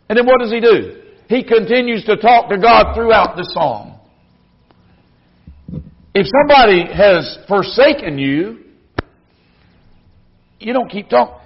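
A man with a high, husky voice preaches a sermon with earnest conviction. His voice swells when he quotes scripture. The recording is dull and lo-fi. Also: expressive, measured pace, long pauses. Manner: earnest, rising in volume when quoting scripture. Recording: dull lo-fi sound.

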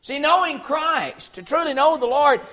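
A man preaching a sermon, emphatic, slowing down when quoting Scripture and often repeating words as he restarts. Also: extremely high pitch, lively intonation, pushed and bright.

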